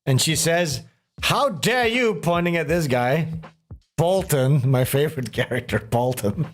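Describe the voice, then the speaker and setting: A man hosting a stream, giving casual reaction commentary in an animated, mocking way and laughing often. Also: medium pitch, a little slow, faint music behind. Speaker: streamer host.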